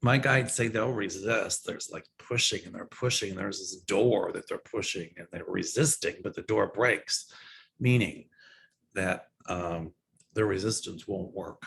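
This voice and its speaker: A man's voice: low-pitched, measured pace, creaky, a bit bright. A man answering viewer questions as a psychic host in a casual, opinionated way, with frequent ums and restarts. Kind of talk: casual livestream Q&A.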